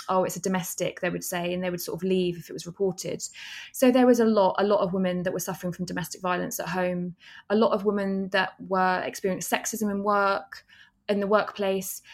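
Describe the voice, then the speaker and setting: An earnest woman from England speaks about her documentary in an interview. She is thoughtful, often restarting a phrase as she works out what to say. Her voice sits at a middle pitch. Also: vocal fry. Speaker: documentary director. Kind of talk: interview conversation.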